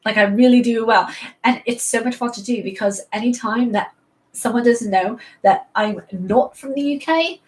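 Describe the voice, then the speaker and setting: A woman's voice: fairly high pitch, normal speed. A tired woman from New chats casually as a host. She rambles and often laughs as she talks. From New York. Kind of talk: casual chat.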